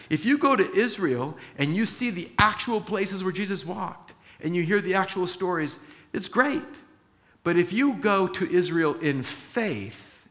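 A male pastor preaching a sermon, animated and acting out biblical dialogue, slowing down to stress key lines. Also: a little high. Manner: animated, acts out biblical dialogue, slows for emphasis.

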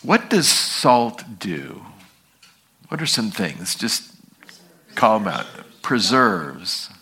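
A man's voice: lowish voice, sing-song, extremely slow, pushed and bright. A man pastor teaching an evening sermon, reading scripture and asking the congregation questions in a conversational way.

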